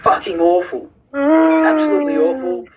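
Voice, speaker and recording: Animated, foul-mouthed Australian man. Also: very high voice, normal speed, over music, poor audio. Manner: crude, swearing, laughing at his own jokes. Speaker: contributor sending in a recorded review. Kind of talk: profane comedic film rant and anecdote.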